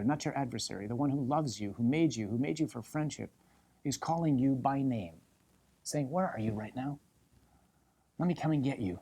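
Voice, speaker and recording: A man, a priest, preaching a sermon, stacking repeated phrases for emphasis and sinking to a soft, intimate tone for the calls he voices. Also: mid-range voice. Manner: drops to soft, intimate tone when voicing God's call.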